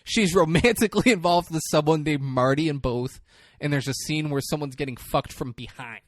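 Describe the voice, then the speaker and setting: A man's voice: a little high, normal speed, dry recording, clean studio sound. A man co-hosting a podcast, casually retelling a film scene with lots of swearing and acted-out character voices. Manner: acts out film characters in swinging voices, profane. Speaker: podcast co-host.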